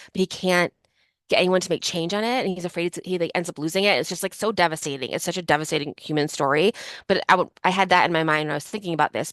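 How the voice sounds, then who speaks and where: A woman's voice: lowish voice, fairly bright tone, no echo. A woman from Chicago co-hosting a podcast, chatting casually and rambling with lots of fillers. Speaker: podcast co-host. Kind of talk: casual chat.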